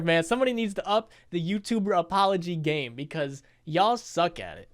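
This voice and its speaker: A man's voice: a little high, lively intonation, moderate pace, hardly any pauses, fairly bright tone, clean tone, no room sound, clean studio sound. A man, a gaming YouTuber, giving casual reaction commentary in a blunt, profane, laughing manner.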